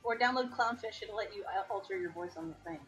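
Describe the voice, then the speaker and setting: A woman's voice: mid-range voice, fast talker, fairly bright tone, soft background music. A woman player chatting and joking eagerly during a tabletop game. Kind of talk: casual tabletop game chat.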